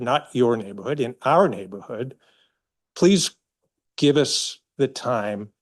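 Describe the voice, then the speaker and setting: An older man steps up to a podium microphone in a council chamber to give public comment. He sounds earnest and pleading, with halting starts and fillers. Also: mid-range voice.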